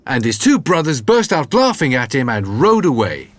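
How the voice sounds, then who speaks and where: A man narrating a fairy tale in an animated, expressive way. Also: mid-range voice, normal speed, a little hiss or hum. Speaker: storyteller. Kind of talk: storybook narration.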